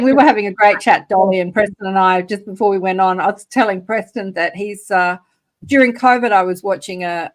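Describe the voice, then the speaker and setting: An Australian woman speaks as a podcast guest in casual conversation. Her voice sits in a middle range, and she talks in a bubbly, enthusiastic way. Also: medium pitch. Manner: bubbly, chatty, laughs often. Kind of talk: casual chat.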